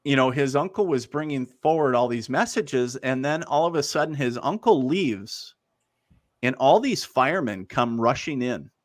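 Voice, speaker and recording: In clean studio sound with no echo, a man serving as guest medium tells meandering, filler-heavy stories and laughs easily. His medium-pitched voice has lively intonation and a moderate pace.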